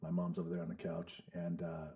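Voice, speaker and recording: A man in his fifties, guesting on a podcast, tells casual, profane stories and mimics the voices of the people he quotes. His voice sits low and monotone, a little fast and warm, captured on a studio podcast mic.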